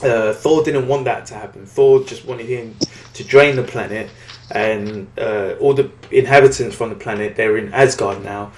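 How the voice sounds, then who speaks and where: A man's voice: lowish voice, moderate pace, echoey room, a little hiss or hum. A man casually recapping a comic book story on a podcast, rambling and acting out the characters' lines. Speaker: podcast co-host.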